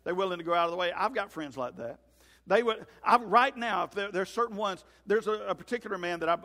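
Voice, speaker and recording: A man preaching a sermon as a pastor, folksy and animated. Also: high-pitched. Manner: folksy, animated, acts out scenes in comic voices. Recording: hall reverb.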